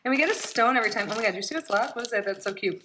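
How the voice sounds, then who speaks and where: A woman's voice: on the high side, very fast, sharp tone, a little hiss or hum, poor audio. A woman doing a casual unboxing vlog, bubbly and gushing, with frequent giggles, in a small room at home. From Florida. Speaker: unboxing vlogger.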